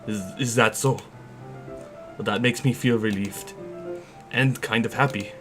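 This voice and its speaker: A man voicing a shy, anxious, bookish teenage girl from a visual novel, reading her lines in a soft, halting way with game music playing underneath. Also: medium pitch, fairly even intonation, close to an everyday voice. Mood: hesitant. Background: soft background game music.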